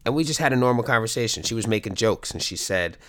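A man's voice: mid-range voice, lively intonation, fast talker, a bit bright. A middle-aged man, a coach, talking candidly to his viewers in a rambling, profane, joking way. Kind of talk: casual monologue to viewers.

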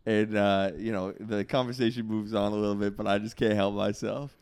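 A man's voice: fairly low pitch, flat delivery, brisk, a little mellow, clear, resonant tone. A man co-hosting a comedy podcast, chatting casually and teasing his guests. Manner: joking, teasing. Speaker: podcast co-host. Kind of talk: casual banter.

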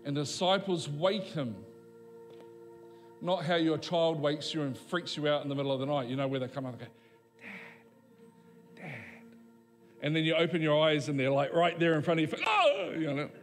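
A man preaching a sermon in a fairly high voice, slowing down for weight and acting out the quoted lines with real emphasis. Soft keyboard music plays quietly underneath him. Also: fairly even intonation, long reverb tail. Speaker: pastor.

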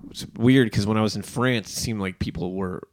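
A man's voice: fairly low pitch, fairly quick. A man co-hosting a podcast, joking around in casual chat. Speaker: podcast co-host.

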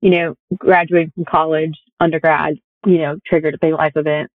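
A woman's voice: low-pitched, flat delivery, fairly quick, dry recording. Young woman telling stories over a tinny line. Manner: chatty storytelling with many fillers. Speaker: guest. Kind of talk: casual conversation. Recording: tinny phone-like audio.

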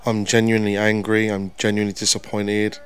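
Brief: smooth low male voice, flat delivery, earnest. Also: brisk. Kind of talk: casual review chat.

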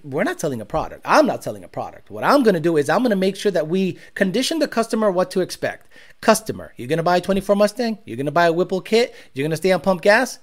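A man hosting a car-tuning talk show, ranting bluntly and profanely with sarcastic asides. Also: high-pitched. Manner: mocks others with exaggerated voices. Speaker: host.

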